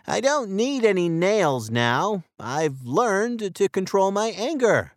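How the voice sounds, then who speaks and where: A man voicing a hot-tempered young schoolboy who yells in a high, strained voice, in a textbook story reading. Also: sing-song, slow, no room sound, clean studio sound, heavily acted. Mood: eager.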